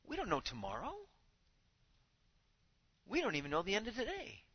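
A man preaching a sermon to his congregation, speaking with animated emphasis and now and then acting out the voices he quotes. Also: sits high, normal speed, husky, muffled recording. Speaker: pastor.

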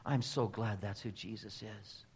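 A man's voice: fairly low pitch, fairly even intonation, unhurried, darkish tone, slightly rough. Emphatic male preacher in a reverberant hall. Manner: emphatic, direct address to the congregation. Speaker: pastor. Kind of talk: sermon.

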